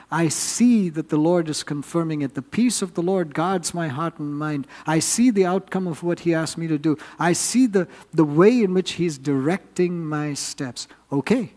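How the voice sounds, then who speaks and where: A man's voice: on the high side, a little mellow, big-room sound. A man preaching a sermon, earnest and building up with rising emphasis.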